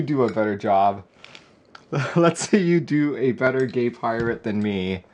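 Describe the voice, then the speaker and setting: A man's voice: mid-range voice, a little slow, darkish tone. A man live-streaming a keyboard build, chatting casually and joking with viewers. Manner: laid-back, joking with chat, often laughing.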